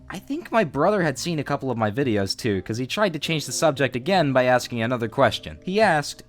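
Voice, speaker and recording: A man's voice: mid-range voice, sing-song, fairly quick, few pauses, soft background music. Dramatic young male video host. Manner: dramatic, outraged exclamations. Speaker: YouTube host. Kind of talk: reaction video narration.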